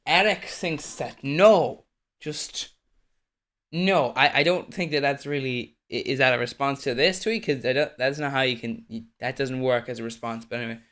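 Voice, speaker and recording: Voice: medium pitch, moderate pace, a bit bright. A streamer giving casual live commentary on a video, blunt, swearing often and restarting sentences.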